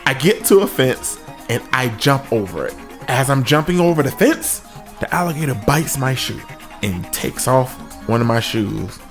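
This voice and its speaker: A man telling a comic story from his own life, with sudden high-pitched exclamations. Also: big pitch swings, moderate pace. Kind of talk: comedic story time. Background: faint music.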